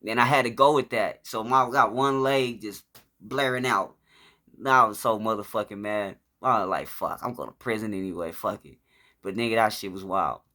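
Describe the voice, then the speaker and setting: Bright-voiced man telling a rough story. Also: fairly low pitch, normal speed. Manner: profane, rambling, acts out shouts and quotes. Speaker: vlogger telling his life story. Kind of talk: casual storytelling monologue.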